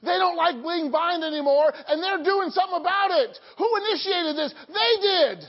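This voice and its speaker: A woman's voice: very high-pitched, moderate pace. A woman preaching a sermon, quizzing the congregation with questions and dropping joking asides. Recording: dull lo-fi hall recording.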